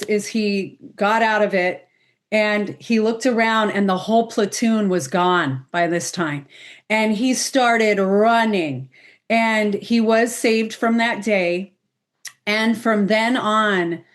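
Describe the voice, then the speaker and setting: Woman medium telling a story, animated. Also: mid-range voice, slow pace. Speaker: medium and panel guest. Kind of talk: personal storytelling on a podcast panel.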